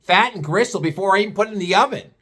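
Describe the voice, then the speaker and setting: A man's voice: high-pitched, lively intonation, racing, fairly bright tone, breathy edge, pitched above the performer's own voice, full character voice. A man voicing a demanding, irate woman customer who complains indignantly.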